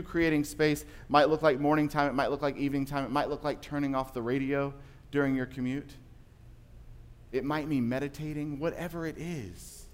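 A man preaching a sermon, telling stories in a conversational way that rises to emphatic passages. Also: a little high. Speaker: pastor.

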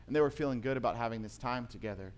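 A male pastor preaching a sermon in a church, moving from emphatic points to quiet, intimate storytelling. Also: mid-range voice, rapid-fire.

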